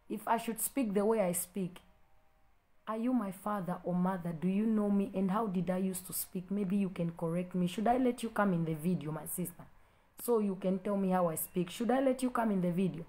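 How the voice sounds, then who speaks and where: A woman's voice: medium pitch, moderate pace, darkish tone. A woman pastor with an African accent, preaching and confronting a critic with a string of rhetorical questions. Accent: African English. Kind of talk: preaching to a live stream.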